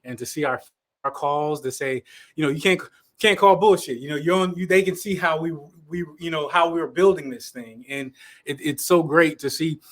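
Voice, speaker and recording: A man's voice: a little high, normal speed, fairly bright tone. Laid-back slangy man from Chicago. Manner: laid-back slangy talk, repeats himself. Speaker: co-host, league commissioner. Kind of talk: casual live-stream chat.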